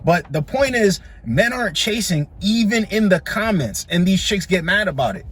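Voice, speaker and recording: A man's voice: high voice, sing-song, moderate pace, fairly bright tone, husky. A man hosting a reaction channel, giving blunt, scolding commentary that keeps repeating its points.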